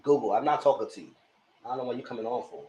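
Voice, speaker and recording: Sassy animated man reviewing reality TV. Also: mid-range voice, very fast. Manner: animated, sassy, slangy, acts out the cast's lines. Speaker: TV reality show commentator. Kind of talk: live TV review chat.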